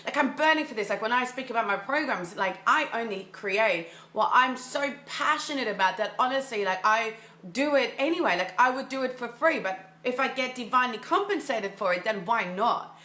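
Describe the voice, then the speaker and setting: Bright, enthusiastic woman coach in an echoey room. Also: a little high, expressive, normal speed. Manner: enthusiastic, repeats phrases for emphasis; casual, filler-heavy delivery. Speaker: mindset coach. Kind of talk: motivational monologue.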